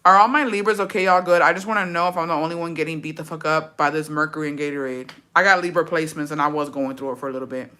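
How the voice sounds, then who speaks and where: A young woman with a bright, forward voice talks casually to her livestream audience. She is blunt and profane, swears freely, and runs her sentences together in a loose, chatty rhythm. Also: sits low, steady tone, very fast, few pauses. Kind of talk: casual chat answering viewer comments.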